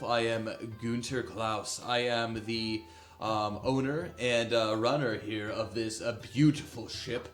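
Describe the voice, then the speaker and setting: A man voicing a jovial, boastful male ship owner who loves telling stories, with a loud, hearty delivery. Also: mid-range voice, echoey room, close to an everyday voice.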